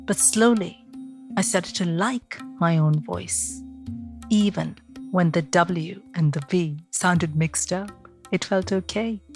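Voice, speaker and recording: Reflective Indian-accented woman podcast host. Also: lowish voice. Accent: Indian, mix of Mumbai, Kerala and East London. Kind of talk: podcast interview and scripted narration.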